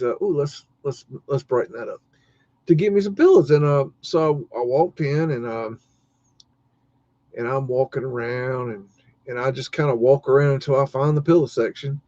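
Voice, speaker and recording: A man's voice: medium pitch, dark tone, no room sound. A man hosting a live stream, telling a rambling story full of cursing and restarts, sounding exasperated. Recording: dull lo-fi dry sound.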